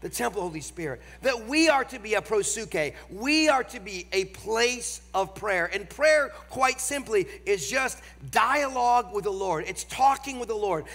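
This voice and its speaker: Nasal man with a Northern American accent preaching in a large church; emphatic, slows on key lines, bright edge, reverberant hall. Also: sits high, creaky. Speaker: guest preacher. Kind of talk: sermon.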